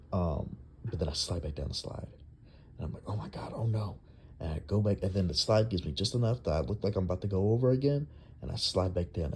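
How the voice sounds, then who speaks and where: A young man with a low, deep voice tells a long dream in a casual, rambling way. He stumbles through fillers and restarts as he goes. A faint ambient hum sits under the recording. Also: darkish tone. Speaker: storyteller.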